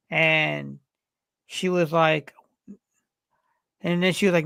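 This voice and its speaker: A man's voice: high voice, steady tone, a little slow, creaky, pauses often, fairly bright tone, clean tone, no echo. A man in his forties co-hosting a podcast, rambling through stories in casual chat and swearing freely. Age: 40s. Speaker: podcast co-host.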